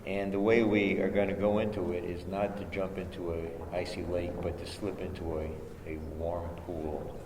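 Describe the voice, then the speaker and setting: A man leading a contemplative prayer workshop, giving gentle instructions with hesitant restarts and chanting syllables. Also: low voice, flat delivery, moderate pace, hardly any pauses. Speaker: meditation teacher. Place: large chapel with long reverb. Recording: echoey chapel recording, faint hiss.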